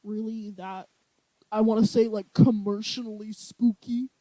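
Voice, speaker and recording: Laughing young podcast co-host, mellow. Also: mid-range voice, a little slow, no room sound, rough recording. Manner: animated, laughing storyteller. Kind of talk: casual chat.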